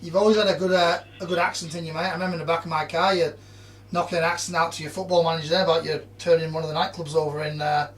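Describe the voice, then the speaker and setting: Brief male host, high voice, fast and matey, sits back from the mic. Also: level tone, far from the mic. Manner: says "mate" constantly, matey and chatty. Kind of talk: casual interview chat.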